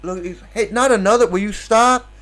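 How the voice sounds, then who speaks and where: A man plays the irritated rear head of a four-headed male god, scolding in a raised, exasperated voice. The pitch sits well above his normal speaking voice. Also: normal speed, fairly bright tone.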